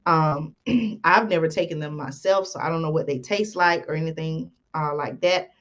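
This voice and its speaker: A woman's voice: low voice, normal speed, a bit bright, lo-fi sound. Folksy woman reading news aloud. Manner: folksy, many ums and "y'all", reads aloud then comments. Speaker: channel host. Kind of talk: reading and commenting on an article.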